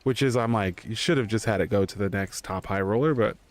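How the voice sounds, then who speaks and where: A man's voice: fairly low pitch, brisk. A man streaming live, telling a story in a loose, rambling way with lots of fillers. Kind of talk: casual chat.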